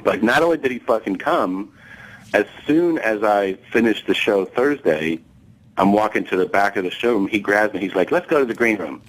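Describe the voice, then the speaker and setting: A man with a low voice tells a story as a guest comedian, and his pitch swings widely as he acts out each line of dialogue. He is animated and swears freely, laughing as he goes. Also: moderate pace, poor audio. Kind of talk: storytelling anecdote on a talk show.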